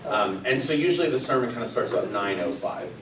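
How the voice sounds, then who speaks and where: A man, a pastor, telling a funny story to a group in a casual, animated way with bursts of laughter. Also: medium pitch, fast, a little hiss or hum. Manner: animated, laughing storyteller who acts out quotes. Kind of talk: casual anecdote told to a group. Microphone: distant room mic. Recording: echoey room, mic far off, chattering group.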